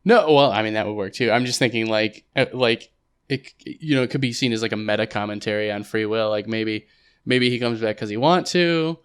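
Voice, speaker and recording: A man's voice: on the low side, a little fast, a bit bright, smooth. Young man rambling on a podcast. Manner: thoughtful, rambling with fillers. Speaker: podcast co-host. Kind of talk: casual podcast chat.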